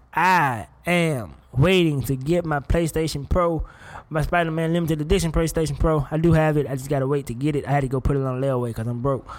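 A young man hosting a casual commentary show, animated and profane, laughing often. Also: a little high. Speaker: podcast host.

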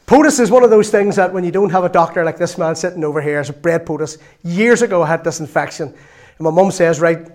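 A man's voice: a little high, darkish tone. A man preaching a sermon in a chatty storytelling way, with laughs and asides.

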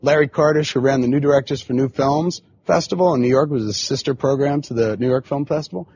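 A middle-aged man telling a long personal story in a casual, animated way, swearing freely and often saying "you know what I'm saying". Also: mid-range voice, fast talker. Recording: slightly dull lo-fi sound with faint background hum.

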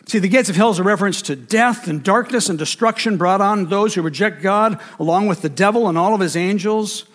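A man with a fairly high voice preaching a sermon to his congregation. He builds emphatic, rhythmic runs of repeated phrases and lists, pressing each point home. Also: fairly quick, a bit bright. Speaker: pastor.

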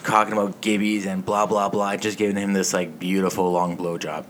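A man's voice: sits low, little pitch movement, a little fast, a bit bright, slight background noise. A man hosting a casual sports podcast, telling stories in a rambling, swearing way. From Canada. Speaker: podcast host.

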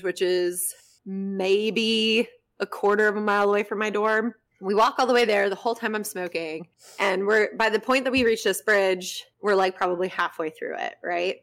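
A young woman hosting a podcast, telling a casual story with lots of swearing and frequent laughter. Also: mid-range voice. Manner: animated, swears freely, breaks into laughter. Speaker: podcast host.

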